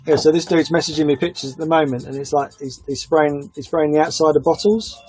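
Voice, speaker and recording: A man's voice: fairly high pitch, a little fast, darkish tone, slightly rough, soft background music, low-quality recording. A man chatting casually on a live stream while he airbrushes, a rambling self-confessed oversharer.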